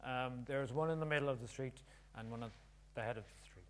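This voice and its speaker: A man's voice: medium pitch, a little fast, fairly bright tone. An Irish man, a guest author, playing along with a magic trick in casual chat and dry jokes. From Ireland.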